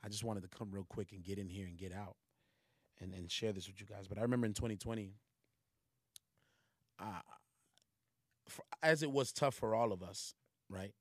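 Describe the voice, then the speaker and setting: Man preacher, lowish voice, dry close sound, casual slangy sermon that builds to emphatic points. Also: normal speed, long pauses, no echo.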